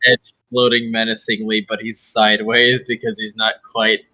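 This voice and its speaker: A man's voice: fairly low pitch, little pitch movement, normal speed, pushed and bright, dry recording, poor audio. A man playing a tabletop role-play game, crude and prone to swearing.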